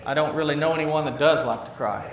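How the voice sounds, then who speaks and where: A middle-aged man preaches in a talky, conversational manner, his voice a little higher than usual for a man. He poses question after question and echoes his own phrases for emphasis. The room rings with echo, and a faint hum of ambience sits underneath. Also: fast. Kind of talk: sermon.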